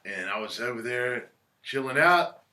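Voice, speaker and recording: Man, casual interview guest, laid-back storyteller, swears a lot, bright edgy voice. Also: medium pitch, expressive, a little slow. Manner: laid-back, swears freely, acts out quotes. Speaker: musician guest. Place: record shop.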